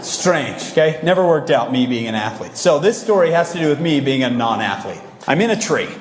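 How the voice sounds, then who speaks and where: A man giving a motivational talk to a young audience, telling lively, self-mocking stories and often asking the crowd questions. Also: a little high, a little fast, a little hiss or hum. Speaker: speaker. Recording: echoey large hall.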